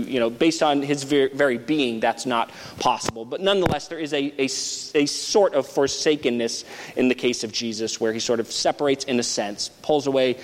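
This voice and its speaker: A man's voice: mid-range voice, normal speed, a little hiss or hum. Man preaching in a reverberant hall. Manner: thoughtful, restarts often, explains step by step. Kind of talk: expository sermon.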